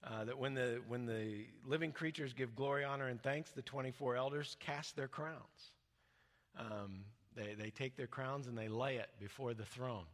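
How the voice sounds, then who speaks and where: A man preaching a teaching sermon in a loose, conversational manner, often stumbling and restarting as he explains. His voice sits at an ordinary middle pitch and sinks quiet and low when he quotes scripture. The sound carries a long reverb, as in a church hall. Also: moderate pace. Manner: conversational, with many fillers and restarts; drops soft and low when quoting scripture.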